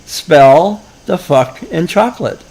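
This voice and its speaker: A man's voice: on the high side, lively intonation, slow pace, darkish tone, pitched above the performer's own voice, exaggerated voice, poor audio. A man doing a worn-out ice cream counter lady. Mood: patient. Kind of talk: joke telling.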